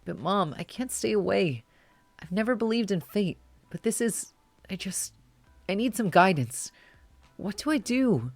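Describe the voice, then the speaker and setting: A streamer voicing a tearful young adult confiding in their mother on the phone, in a soft, shaky, pleading voice. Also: mid-range voice, lively intonation, measured pace, long pauses, no echo, soft background music, voice pushed up. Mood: vulnerable.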